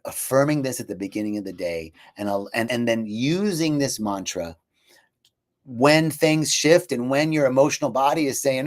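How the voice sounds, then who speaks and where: A man giving a spiritual sermon and leading affirmations, repeating his phrases and swinging between loud declarations and hushed near-whispers. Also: mid-range voice, expressive, moderate pace. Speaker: spiritual teacher. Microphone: live stream.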